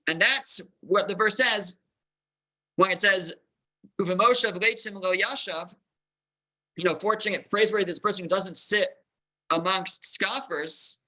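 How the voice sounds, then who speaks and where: A man teaching a Torah class as a rabbi, explaining slowly with repeated words as he thinks and Hebrew terms mixed in. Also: high voice, sharp tone, low-quality recording.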